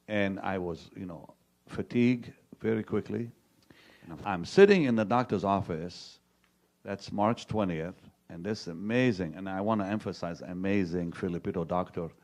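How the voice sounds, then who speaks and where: An older man, a televangelist, tells a personal story in a halting way, repeating words and acting out what others said to him. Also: on the low side, a little mellow. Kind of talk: personal testimony to an audience.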